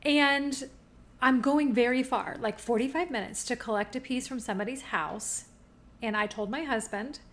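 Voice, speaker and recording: Fortyish woman podcast cohost, kinda high voice, tells stories all animated. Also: moderate pace. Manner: animated storyteller, acts out quoted voices. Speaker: podcast co-host. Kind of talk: casual storytelling chat.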